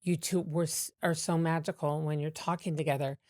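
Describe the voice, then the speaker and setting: A woman comedian telling animated stories with many fillers and restarts in a podcast interview. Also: deep voice, brisk, no room sound, clean studio sound. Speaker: comedian guest.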